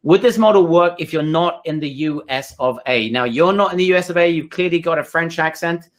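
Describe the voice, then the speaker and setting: A man's voice: a little high, a little fast. A man hosting a webinar, enthusiastic and speaking straight to his viewers. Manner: enthusiastic, addresses the audience directly. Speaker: webinar host.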